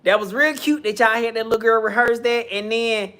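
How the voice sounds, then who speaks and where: A man's voice: extremely high pitch, bright, forceful tone. A man doing sassy, swearing gossip commentary on a live stream. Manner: sassy, swearing, drawn-out exclamations.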